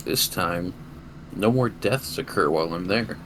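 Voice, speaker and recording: A man's voice: low voice, measured pace, a bit bright, low-quality recording. A young man co-hosting a podcast, telling a rambling anecdote in casual chat and swearing freely. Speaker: podcast co-host. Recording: noticeable background noise.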